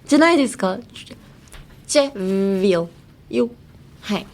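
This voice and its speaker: A young American woman hosts a casual bilingual language lesson as a podcast host and English teacher. Her voice is medium-pitched and a little mellow, with lively intonation and a moderate pace, and she's playful and giggly while drilling words again and again.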